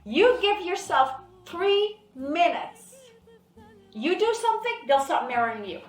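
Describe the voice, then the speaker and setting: A woman therapist explains a technique in an informal lesson, animated and repeating her main points. Her voice is high and sits back from the mic in an echoey room. Faint music plays underneath. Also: a little slow, far from the mic. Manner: animated, acts out client dialogue, repeats key phrases. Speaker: hypnotherapist teaching a technique.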